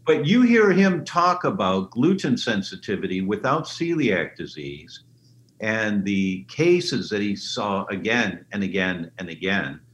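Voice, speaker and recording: Animated man telling stories in a roomy space. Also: a little slow. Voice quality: animated, breaks into high voices for quoted people. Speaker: guest. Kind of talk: enthusiastic storytelling in an interview. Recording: roomy remote line with faint noise.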